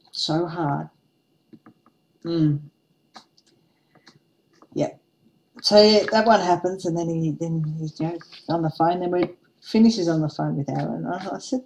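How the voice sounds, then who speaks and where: A woman's voice: low voice, slow pace, long pauses, a little mellow, rough recording. A woman in her forties telling a funny anecdote in a casual craft-vlog chat, laughing often as she goes. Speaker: craft vlogger.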